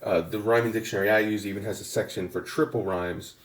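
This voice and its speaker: Male songwriting teacher, low voice, patient and methodical, roomy echo. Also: fairly even intonation, quick pace. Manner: patient, methodical, with frequent fillers and restarts. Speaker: songwriting instructor. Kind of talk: explanatory lesson.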